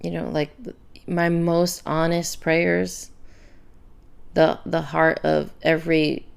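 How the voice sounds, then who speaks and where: Podcast host, young woman, low and gravelly, candid, halting, emotional. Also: level tone. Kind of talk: personal faith-based podcast monologue.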